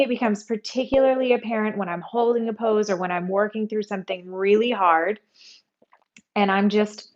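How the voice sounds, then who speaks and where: A woman teaching a yoga class, giving calm, conversational instructions and breathing cues. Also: mid-range voice, muffled recording.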